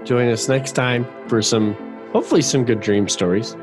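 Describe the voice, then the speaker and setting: A man's voice: mid-range voice, moderate pace, over music. A man co-hosting a podcast in easygoing, teasing banter, recorded over a remote connection. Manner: laid-back, teasing banter. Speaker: podcast co-host. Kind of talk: casual chat. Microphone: remote call.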